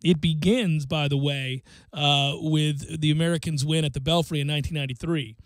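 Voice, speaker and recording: A man with a fairly high voice hosts a sports radio show, talking casually and getting animated as he tells stories. The studio sound is dry and close, with no room echo. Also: moderate pace. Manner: animated storyteller, voice jumps up when excited. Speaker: radio sports talk host.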